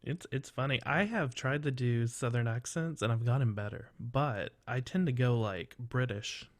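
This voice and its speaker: A man's voice: mid-range voice, moderate pace, dry recording. A man hosting an interview, chatting casually over a video call, rambling with lots of fillers and giggling often. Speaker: podcast host.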